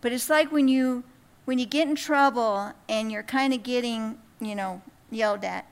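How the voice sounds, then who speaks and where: A woman teaching a Bible study to women, talking casually with quick asides and then reading scripture out with emphasis. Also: a little high, smooth.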